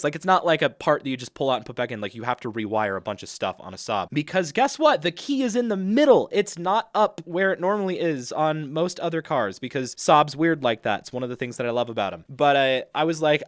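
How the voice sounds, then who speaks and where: A man vlogging, telling a story casually, animated and self-deprecating. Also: on the high side, quick pace, hardly any pauses, dry recording, clean studio sound.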